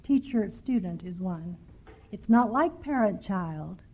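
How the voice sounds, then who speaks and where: A woman's voice: medium pitch, animated, slow pace. An older woman from Texas speaking at a recovery workshop, telling stories with dry, self-mocking humor. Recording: tinny lo-fi 1990s tape.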